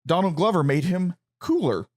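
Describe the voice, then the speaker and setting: A man's voice: high-pitched, lively intonation, moderate pace, a little mellow. A man, co-hosting a casual pop-culture chat, rambling and stammering as he corrects himself. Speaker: podcast co-host.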